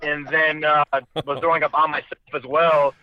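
A man's voice: a little high, little pitch movement, moderate pace, clean tone, dry recording. A young man casually telling a long, profane, rambling story, slipping into voices for quoted people. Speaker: storyteller guest. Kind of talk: casual chat. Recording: dull lo-fi dry sound.

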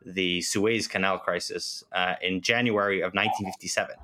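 A man's voice: low voice, fairly even intonation, normal speed, bright, forceful tone. A man co-hosting a podcast in casual chat, asking questions and reading out facts. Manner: inquisitive, reads out facts. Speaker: podcast co-host.

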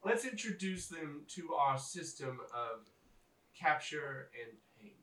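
A man voicing a scheming female goblin shaman who hates bards, in a melodious, drawn-out, sing-song voice. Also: fairly high pitch, very animated, a bit bright, echoey room, far from the mic, low-quality recording.

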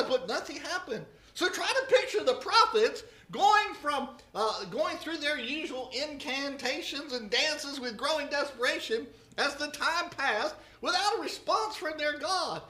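A preacher delivers a sermon with humor, telling the story in an animated, lively way. The voice is high and bright. It echoes through a roomy church. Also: unhurried, hardly any pauses. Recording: roomy echo.

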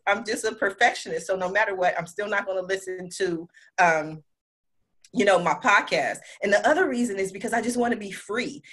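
A woman hosting a podcast interview in casual chat, animated and laughing, jumping high and low and going off on tangents. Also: husky, poor audio. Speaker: podcast host.

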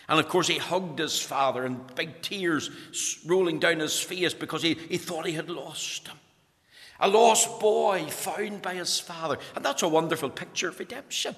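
A man's voice: high-pitched, normal speed, pushed and bright. A man preaching a sermon, fervent and rising to urgent emphasis. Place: church. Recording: long church reverb.

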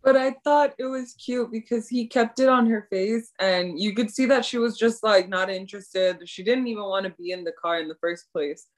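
A young woman casually discussing drama episodes with a friend, gushing and excitable, often quoting her own reactions. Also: mid-range voice, normal speed, hardly any pauses. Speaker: podcast co-host. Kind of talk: casual chat recapping a drama.

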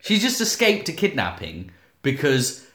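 Co-host, animated sweary banter, somewhat high voice, echoey. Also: male voice, a little slow. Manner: quizzical, sweary, laughing along. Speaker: podcast co-host. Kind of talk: casual comedic recap. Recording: echoey room.

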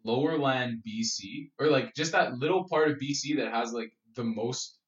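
A Canadian man co-hosts a casual podcast, rambling through stories with lots of fillers. His voice sits at a middle pitch and carries a roomy echo. He sounds set back from a dull, lo-fi mic. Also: moderate pace, distant mic. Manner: animated, filler-heavy storytelling. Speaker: podcast co-host. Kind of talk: casual chat.

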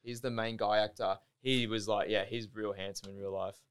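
A man's voice: on the low side, steady tone, normal speed, clean tone. A young Australian man telling a story in casual podcast chat, loose and sweary, leaning on "like" as a filler. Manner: loose, swears often, heavy use of "like". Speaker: podcast guest, Olympic diver.

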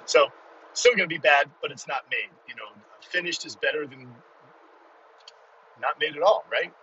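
A middle-aged man hosting a casual solo podcast from inside his car, rambling and self-deprecating, excitable in his talk. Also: on the high side, normal speed, far from the mic, lo-fi sound, a little hiss or hum. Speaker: podcast host.

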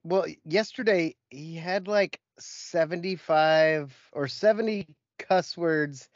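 A man's voice: a little high, takes it slowly, no room sound, dull audio. A man chatting casually on a video call, rambling and swearing freely as he tells stories about his work as a teacher. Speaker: co-host, teacher. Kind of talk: casual chat.

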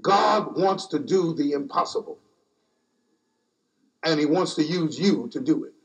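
A man preaching a sermon in a slow, repetitive cadence, stacking refrains line after line. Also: a little high, vocal fry, highs cut off. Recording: distant mic.

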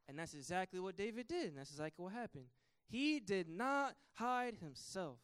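A man preaching a sermon with an impassioned delivery that swells to loud, emphatic peaks. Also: sits high, expressive, moderate pace, clear, resonant tone, no echo, studio quality.

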